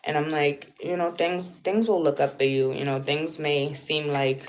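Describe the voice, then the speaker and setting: Low-voiced woman telling a story, blunt and profane. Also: fairly even intonation, normal speed. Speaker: vlogger. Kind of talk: casual storytelling livestream. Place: indoors at home. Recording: slightly dull lo-fi sound with faint noise.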